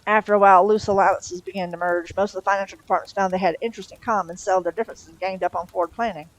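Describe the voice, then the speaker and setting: A woman narrating a novel aloud on a live stream, with steady storytelling delivery. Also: medium pitch, very fast, poor audio.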